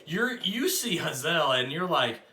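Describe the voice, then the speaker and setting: A man's voice: fairly high pitch, big pitch swings, unhurried, pushed and bright. A man narrating as dungeon master in a loose, laughing, casual way. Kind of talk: narrating a tabletop game. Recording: roomy mic with faint noise.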